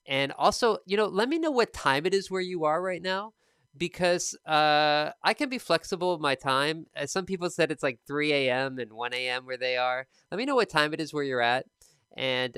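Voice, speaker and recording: A man teaching TOEFL speaking on a live stream, explaining in a relaxed, conversational way. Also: on the high side, moderate pace, smooth, dry recording, studio quality.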